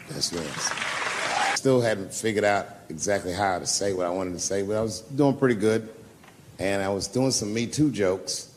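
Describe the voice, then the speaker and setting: A man's voice: on the low side, darkish tone, slight background noise. A middle-aged man doing a profane, conversational stand-up comedy set, telling stories and talking with the crowd. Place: comedy club stage before a live audience.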